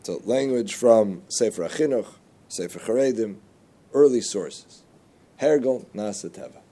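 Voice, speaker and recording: A man giving a religious lesson, telling jokes and stories, with animated jumps in pitch on key words. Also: a little slow. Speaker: Torah teacher.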